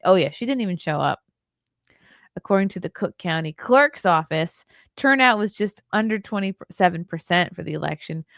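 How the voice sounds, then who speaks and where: A woman in her thirties with a lowish, gravelly voice hosts a laid-back livestream, reading news and replying to chat. Tired and yawning, she adds wry, chatty asides, laughing and ad-libbing between reading, and the studio-quality audio has no echo.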